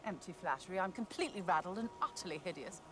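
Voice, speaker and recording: A woman's voice: lowish voice, animated, fast talker, background noise, close to an everyday voice. An actress playing a fretful upper-class mother who talks in a fussy, theatrical way.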